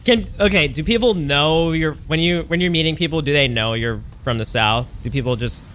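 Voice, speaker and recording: Excitable male host who repeats himself. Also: a little high, moderate pace. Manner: enthusiastic, repeats words, stumbles and restarts. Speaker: podcast host. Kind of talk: casual interview chat.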